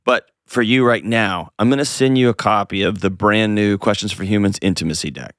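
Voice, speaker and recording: A man's voice: on the low side, fairly quick, a bit bright, no room sound, studio quality. A man hosting an advice call-in show, talking in a direct, coaching way with playful asides. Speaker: host.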